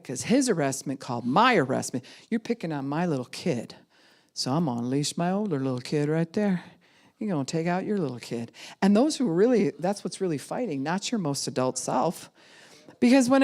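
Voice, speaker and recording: A middle-aged woman pastor giving a sermon, animated and acting out the voices of the people she quotes. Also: on the low side. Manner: animated, acts out quoted voices of kids and adults.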